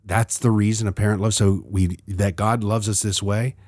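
A man's voice: lowish voice, fairly even intonation, normal speed, darkish tone, no echo. A middle-aged man in a casual faith conversation, speaking earnestly and reflectively, often telling stories.

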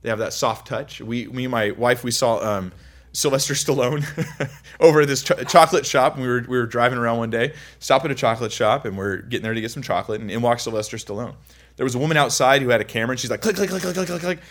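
A man's voice: medium pitch, fast talker, a bit bright. A young man giving a casual, chatty Bible teaching, full of anecdotes and self-interruptions. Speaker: preacher.

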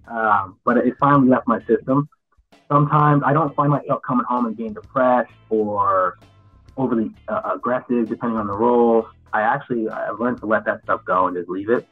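Speaking at a slightly quick clip in a medium pitch, this actor answers interview questions frankly and reflectively, often restarting his sentences. The line sounds tinny and phone-like, with faint music behind him.

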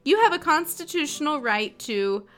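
A woman in her thirties co-hosting a casual morning show, animated and giggly, poking fun at herself. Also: high-pitched, moderate pace, soft background music. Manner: animated, giggly, self-deprecating. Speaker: co-host.

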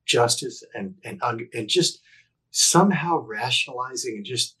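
A middle-aged man with a husky, slightly breathy voice tells his story as a podcast guest. He sits at an ordinary middle pitch, speaks earnestly and reflectively, often catches himself mid-sentence to restart, and drops into quiet, hushed phrases between emphatic bursts. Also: lively intonation, normal speed, poor audio. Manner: reflective, earnest, with frequent restarts and self-corrections. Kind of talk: candid conversational storytelling.

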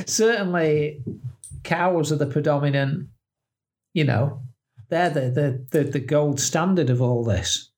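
A man in middle age, talking slowly in casual podcast chat. His voice sits a little high for a man, and he laughs often as he jokes his way through what he reads out. Unhurried and chatty. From England. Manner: jokey, laughs often, reads out search results. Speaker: podcast co-host.

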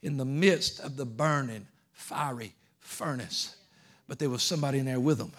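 A man preaching, his voice set at an ordinary middle pitch. He tells a story as he preaches, dropping to near-murmured asides and then building to loud, fervent declarations. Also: moderate pace. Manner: storytelling preacher, swings from hushed to emphatic. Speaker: pastor. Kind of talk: sermon.

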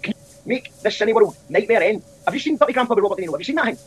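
A man's voice: high voice, expressive, racing, low-quality recording. A man making a comic complaint call, exasperated and ranting, repeating himself. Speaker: caller.

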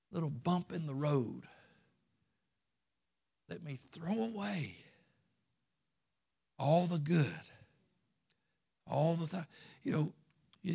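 A male pastor, teaching Sunday school, swinging from soft hushed asides to impassioned crescendos. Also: on the high side. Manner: impassioned preaching, builds to fervent crescendos.

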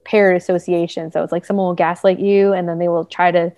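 A woman's voice: lowish voice, flat delivery, fast talker, darkish tone, no room sound. A woman co-hosting a casual talk show, chatting with many fillers and acting out quoted speech in different voices. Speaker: podcast co-host. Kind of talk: casual conversation about relationships.

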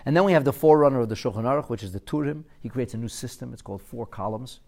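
A man's voice: medium pitch, very fast, vocal fry. A man in his forties teaching a Torah lesson, puzzling aloud and asking rhetorical questions as he explains the sources. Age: 40s. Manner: animated, quizzical, asks rhetorical questions.

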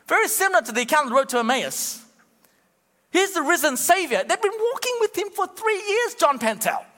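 A man's voice: very high-pitched, fairly quick, in a large hall. A male pastor preaching a sermon, urging the congregation on and acting out quotes. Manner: animated, urging the crowd, acts out quotes.

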